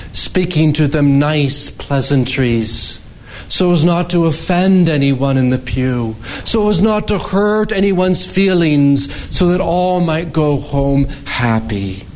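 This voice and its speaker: Slow, emphatic preacher man. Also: low-quality recording. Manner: slow, emphatic preaching that rises high when quoting scripture. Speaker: pastor. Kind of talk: sermon.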